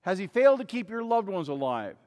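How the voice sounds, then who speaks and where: A high-voiced male pastor delivers a dramatic sermon, acting out crowd voices and pressing his listeners with rhetorical questions. His voice carries a long echo through a church sanctuary. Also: big pitch swings, fairly quick, darkish tone.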